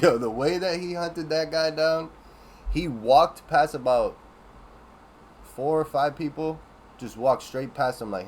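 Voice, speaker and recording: A man's voice: mid-range voice, darkish tone, a little hiss or hum. A man streaming live, reacting to a true-crime clip with blunt, profane commentary.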